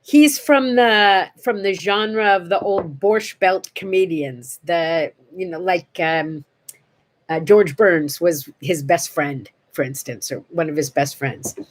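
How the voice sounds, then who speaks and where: An older woman hosting a casual morning chat, telling stories in an animated way and acting out the voices in them. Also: fairly low pitch, takes it slowly. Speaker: host.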